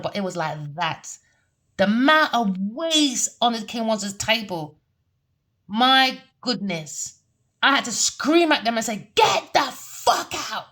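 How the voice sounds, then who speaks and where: A woman's voice: medium pitch, a bit bright. A woman giving a heated, repetitive tarot reading rant, cursing and scolding. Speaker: tarot reader.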